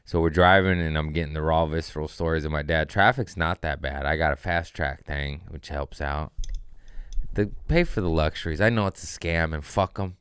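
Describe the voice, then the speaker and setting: Recorded close and dry with no echo, a man with a low, smooth, resonant voice that's a bit bright works through a loose comedy podcast monologue at normal speed. He riffs, pokes fun at himself, and escalates into heated, profane rants.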